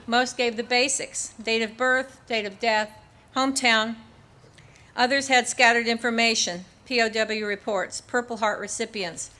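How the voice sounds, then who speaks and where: Earnest older woman with a bright voice. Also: a little high, steady tone. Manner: earnest, measured, with small restarts. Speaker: keynote speaker at a memorial ceremony. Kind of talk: public speech partly read from her book. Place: outdoor civic ceremony in a park.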